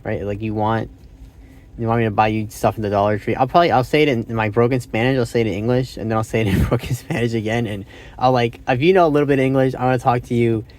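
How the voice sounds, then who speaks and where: A man's voice: mid-range voice, steady tone, fast talker, a little mellow. A man hosting a casual language-practice vlog, thinking aloud and hesitantly correcting himself. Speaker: channel host.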